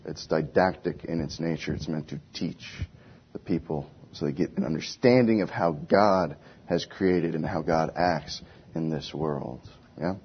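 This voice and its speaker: A man's voice: a bass voice, unhurried, breathy edge. A man giving an informal Bible lesson, talking conversationally and often asking his listeners questions. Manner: conversational, asks the class questions. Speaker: Bible teacher. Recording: dull lo-fi recording.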